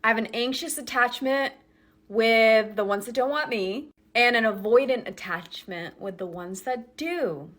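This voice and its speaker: A woman's voice: on the high side, measured pace, a bit bright. Blunt, sweary woman ranting. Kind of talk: casual vlog rant.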